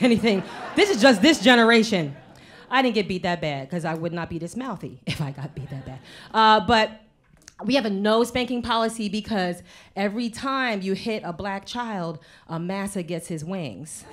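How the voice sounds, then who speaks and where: A woman in her thirties doing a stand-up comedy set on a live stage, telling mouthy, animated stories about her kids with asides to the audience. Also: medium pitch. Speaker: stand-up comedian and show host.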